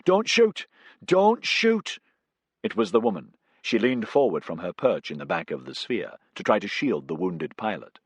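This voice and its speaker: Low, husky male storyteller. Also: expressive, no room sound. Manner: measured storytelling. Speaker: audiobook narrator. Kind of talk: scripted narration.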